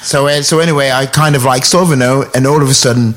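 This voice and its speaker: A man from England, a touring musician guest, talks fast in a mid-range voice during casual chat. His long, rambling story is full of swearing and restarts, and he quotes other people in animated voices.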